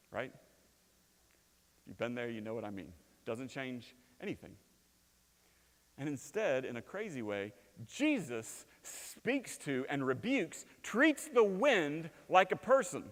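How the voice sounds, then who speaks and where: Animated pastor preaching in a reverberant hall. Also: male voice, fairly high pitch. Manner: animated storytelling, shouting quoted lines, dropping to quiet. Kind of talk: sermon. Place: church sanctuary.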